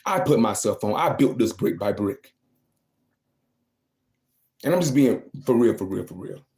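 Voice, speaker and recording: A man's voice: on the low side, animated, a little slow, creaky, a little mellow. A young man venting emphatically and repeating himself on a casual livestream. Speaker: livestreaming vlogger.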